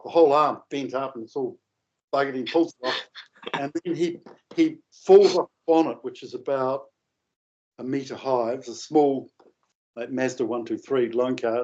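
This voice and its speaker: A man telling a long, rambling anecdote in a casual, animated way, with coarse language. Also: mid-range voice. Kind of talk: casual storytelling. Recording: dull lo-fi audio.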